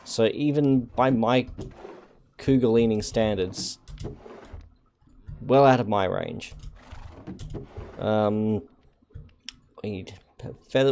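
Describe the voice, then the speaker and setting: A man streaming a game and chatting casually with viewers, dry and wry, with halting restarts. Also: lowish voice, a little mellow, slight background noise. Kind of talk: casual live-stream chat while gaming.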